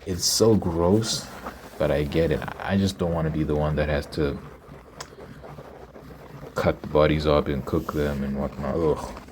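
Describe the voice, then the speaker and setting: A man's voice: a bass voice, little pitch movement, moderate pace, pauses often, background noise. A man doing whispered ASMR storytelling, reading a story aloud and stopping to react to it. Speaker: ASMR creator.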